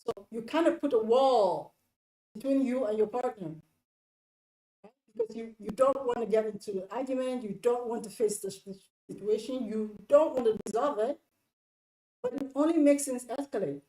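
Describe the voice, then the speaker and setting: A woman with a fairly high, mellow voice gives casual relationship advice, speaking earnestly and straight to the viewer. She circles back and repeats herself for emphasis. Her voice carries the echo of a roomy space. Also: normal speed.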